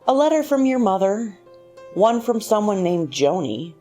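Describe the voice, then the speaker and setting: A woman's voice: medium pitch, very animated, measured pace, mellow. A woman reading as an irritable husband, cool and needling. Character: cold, weary husband, middle-aged man. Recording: faint music underneath.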